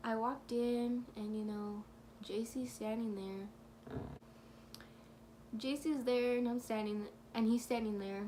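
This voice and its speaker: A woman's voice: on the high side, steady tone, takes it slowly, long pauses, dark tone, a little hiss or hum. A woman telling a rambling, gushing story for her vlog, leaning on "like" again and again. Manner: gushing, rambling, heavy use of "like". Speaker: vlogger.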